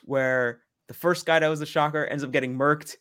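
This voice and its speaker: A man's voice: on the high side, steady tone, moderate pace, a bit bright, smooth. A man in a casual comic book chat, laid-back and telling stories with a laugh.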